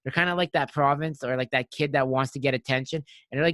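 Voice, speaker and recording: A man's voice: mid-range voice, steady tone, fast talker, hardly any pauses, fairly bright tone, no echo. Chatty, joking man from Iran. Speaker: podcast guest. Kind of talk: casual chat.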